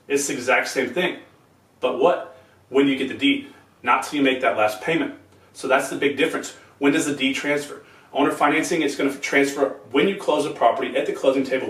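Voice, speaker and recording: A quick, plainspoken man explains real estate terms step by step in a casual video. His voice sits at a middling pitch and carries some room echo, picked up from a little way off the mic. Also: fairly bright tone. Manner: quick, plainspoken, walks through an example step by step. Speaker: real estate investing channel host. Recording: roomy sound from a distance off the mic.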